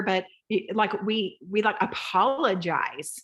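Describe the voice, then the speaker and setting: A woman in her thirties leads a group call at a moderate pace, her voice medium in pitch. She's lively and rambling, acting out different voices as she goes.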